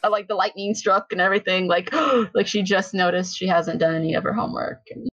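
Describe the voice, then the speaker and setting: A woman on a podcast, casually recapping episodes and acting out the characters' lines in an animated way. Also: lowish voice, fast, muffled recording. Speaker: podcast co-host.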